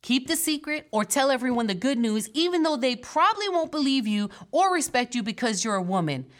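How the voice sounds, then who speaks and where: A high-voiced woman pastor with lively intonation speaks fairly quickly as she delivers a church sermon. She stays earnest and conversational, tossing in playful remarks between the scripture passages.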